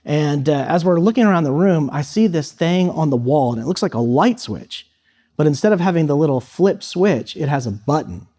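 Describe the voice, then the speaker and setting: Man telling a relaxed story, a little high. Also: normal speed. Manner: relaxed anecdotal storytelling with fillers and quoted dialogue. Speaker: guest speaker to high school students. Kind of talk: storytelling talk. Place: school hall.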